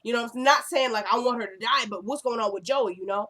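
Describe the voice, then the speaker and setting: Woman vlogger, slightly high voice, casual recap, excitable and full of asides. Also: fast talker. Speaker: TV episode recapper. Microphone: own camera.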